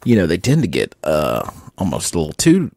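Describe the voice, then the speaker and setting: Man as a nervous, rambling ranger, deep and dry, stammers a lot, in a tabletop game. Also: huge pitch swings, gravelly, darkish tone, no echo, full character voice. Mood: sheepish. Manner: halting, stammering, lots of fillers.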